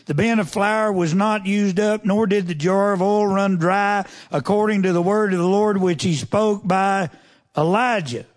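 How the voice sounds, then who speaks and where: In a high voice at a measured pace, a man delivers a sermon, reading scripture and then pausing to ask the congregation direct, pointed questions. His commentary is folksy and conversational.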